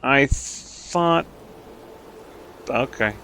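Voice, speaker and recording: A man's voice: fairly low pitch, lively intonation, unhurried, bright, forceful tone, slight background noise. A man giving casual commentary over his own strategy game, chatty and self-mocking, thinking aloud and making playful silly noises. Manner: playful silly noises and repeated sound effects. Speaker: game streamer.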